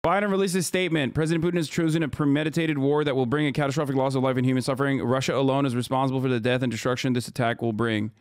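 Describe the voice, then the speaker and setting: A male streamer talking close to a desk mic, swearing and reacting in disbelief. His voice is smooth and resonant, and the sound is dry. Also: mid-range voice, steady tone, no room sound. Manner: profane, incredulous, rapid-fire reactions. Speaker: streamer reacting to live news. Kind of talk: live stream commentary.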